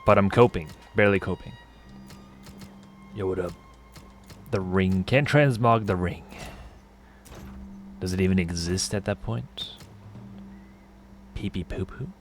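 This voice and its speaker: A man with a fairly low voice talks casually over a playthrough. He jokes, teases himself and muses aloud about loot and stats. Soft game music runs underneath. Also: unhurried, long pauses. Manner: joking and self-mocking, thinks aloud. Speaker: gaming streamer playing through a game. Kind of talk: casual let's-play commentary.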